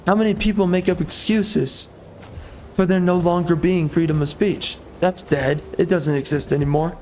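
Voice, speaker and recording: A man's voice: sits high, fairly even intonation, moderate pace, darkish tone, slight background noise. A man ranting in heated, emphatic, repetitive commentary over gameplay. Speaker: gaming commentator.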